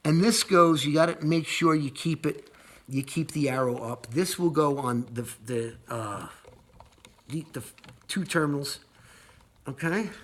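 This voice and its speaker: A man's voice: a little high, a little slow, fairly bright tone. A man casually walking viewers through a wiring job, rambling, repeating words and cursing when annoyed. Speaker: video host demonstrating an install. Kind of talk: casual how-to walkthrough.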